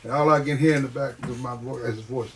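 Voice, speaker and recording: A man telling stories from his wrestling career in a casual interview, animated and often laughing. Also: medium pitch, quick pace, recorded from a distance, a little hiss or hum. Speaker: guest, wrestler.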